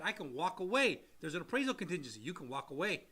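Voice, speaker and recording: A man with a fairly high voice talks through loan questions on a casual podcast. His tone is bright and forceful, and he is blunt and animated. He swears casually and acts out what buyers and sellers say. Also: a little fast, breathy edge. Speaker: co-host and loan officer.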